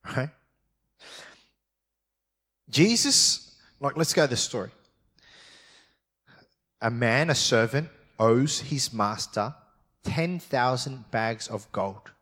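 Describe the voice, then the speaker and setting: A man's voice: medium pitch, lively intonation, slow pace, pauses often, fairly bright tone. A man preaching a sermon as pastor, talking with his listeners in a conversational way, often checking in with them, and reading scripture aloud with expression. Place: church service.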